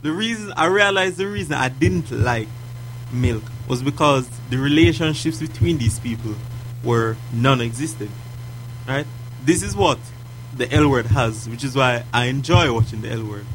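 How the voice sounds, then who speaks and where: A man's voice: mid-range voice, lively intonation, moderate pace, fairly bright tone, a little hiss or hum, low-quality recording. A man co-hosting a podcast, chatting casually, laughing often and teasing his co-hosts in mock exasperation. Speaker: podcast co-host. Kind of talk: casual chat.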